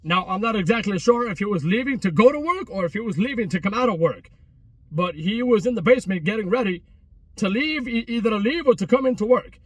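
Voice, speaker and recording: A travel vlogger in his 30s chats outdoors at a closed restaurant, rambling casually with lots of street slang, repetition, and restarts. His voice is high-pitched and slightly rough, with lively intonation and a brisk pace. He's far from the mic, and there's no echo.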